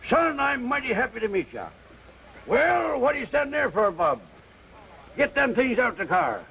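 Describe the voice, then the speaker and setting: An older actor playing a boastful, folksy old Western grandfather with a loud drawl and rustic grammar, in 1950s film acting. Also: very high voice, sing-song, normal speed, creaky, exaggerated voice. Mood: jovial. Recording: dull old film soundtrack, faint hiss.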